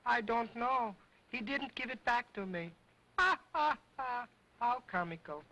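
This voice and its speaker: A cheeky wooden boy dummy, cracking jokes in mangled grammar. His voice swoops up and down with lively pitch, and he takes his time over each line in early sound film style. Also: a little slow, muffled recording, full character voice. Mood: joking. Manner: sassy, broken grammar, mocking.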